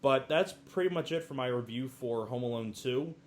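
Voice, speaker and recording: A man chatting through a movie review in a relaxed, rambling way, often laughing. His pitch sits in the middle, with a faint hiss of background noise behind him. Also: normal speed. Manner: chatty, laughs often, acts out film quotes.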